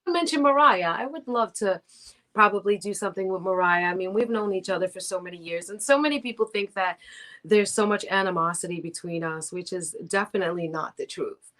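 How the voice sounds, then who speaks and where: A middle-aged woman sits for a casual interview and tells her stories with animation, voicing the people in them. She speaks at an ordinary pitch, and the sound comes through a video call. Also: a little fast. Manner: animated, acts out quoted voices with big jumps. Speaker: guest singer.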